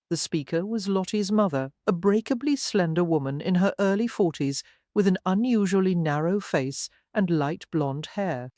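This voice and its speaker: An audiobook narrator reading a romance novel in a measured, even way. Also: medium pitch, dry recording, clean studio sound. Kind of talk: scripted narration.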